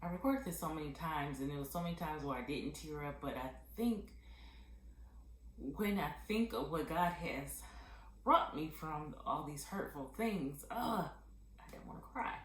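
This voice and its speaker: Woman, deep for her sex, candid testimony vlog, halting delivery, roomy echo. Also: lively intonation, a bit bright, slight background noise. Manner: heartfelt, halting, with many fillers. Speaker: vlogger sharing a personal testimony.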